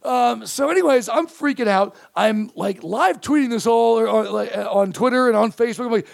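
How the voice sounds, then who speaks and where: A man, a comedian, telling a story in casual chat, animated and profane, acting out the quoted lines. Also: very high-pitched, moderate pace, gravelly, hardly any pauses, no room sound, studio quality. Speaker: comedian guest.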